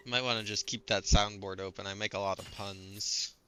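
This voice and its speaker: A man's voice: lowish voice, steady tone, moderate pace, fairly bright tone, a little hiss or hum. A man streaming a game, chatting casually and explaining details in a pedantic, pun-loving way. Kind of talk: casual gameplay commentary.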